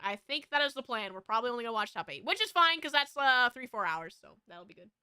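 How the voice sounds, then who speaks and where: Bright, high-voiced woman streamer. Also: animated, fast talker, smooth, dry recording, studio quality. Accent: American West Coast. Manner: rambling, with frequent fillers and restarts. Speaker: VTuber streamer. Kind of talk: casual chat.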